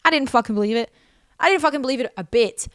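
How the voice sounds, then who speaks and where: A woman's voice: fairly high pitch, quick pace, no room sound, studio quality. Intense Australian woman, raw storytelling. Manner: intense, profane, repeats phrases for emphasis. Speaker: vlogger. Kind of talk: emotional personal storytelling.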